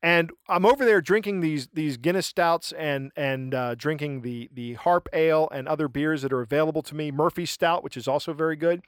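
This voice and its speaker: A man hosting a podcast, talking in a rambling, animated way and stopping to search for words. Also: a little high, moderate pace, clear, resonant tone, no room sound, clean studio sound. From United States. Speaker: podcast host. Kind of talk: casual podcast chat.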